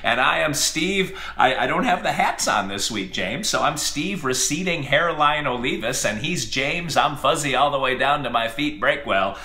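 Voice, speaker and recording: A man's voice: medium pitch, lively intonation, moderate pace, hardly any pauses, bright, forceful tone. A man co-hosting a podcast in casual comedic banter, jokey and self-deprecating, often laughing. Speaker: podcast co-host. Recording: roomy echo.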